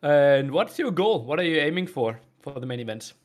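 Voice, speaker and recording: A man interviewing a player after a match, relaxed and teasing. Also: on the high side, normal speed. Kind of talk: casual post-match interview.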